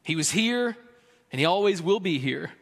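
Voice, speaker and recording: A man's voice: sits high, animated, normal speed, vocal fry. A man preaching a sermon as pastor, earnest and conversational with a playful humor. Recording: long hall reverb.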